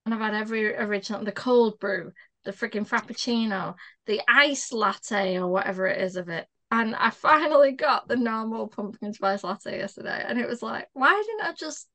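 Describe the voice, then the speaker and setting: A young British woman co-hosting a podcast, animated and giggly, swearing casually as she chats. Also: medium pitch, moderate pace. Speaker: podcast co-host. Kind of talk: casual chat.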